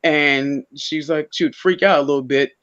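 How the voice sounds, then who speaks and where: Un hombre invitado a un pódcast, conversando de manera informal y relatando historias con muchas pausas y frases que vuelve a empezar. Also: male voice, on the high side, steady tone, a bit bright, highs cut off. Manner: rambling storyteller, many restarts. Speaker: podcast guest. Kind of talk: casual chat.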